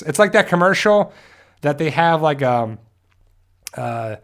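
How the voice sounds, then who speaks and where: Chatty man with a slightly high voice. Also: lively intonation, unhurried, fairly bright tone. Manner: chatty, laughs often, trails off and restarts. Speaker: host of a fan discussion show. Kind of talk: casual livestream chat reading viewer comments.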